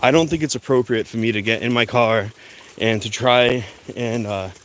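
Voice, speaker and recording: A man's voice: mid-range voice, normal speed. A young man talking to his phone camera while walking outdoors, rambling with lots of fillers and restarts. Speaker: vlogger. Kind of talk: walk-and-talk vlog.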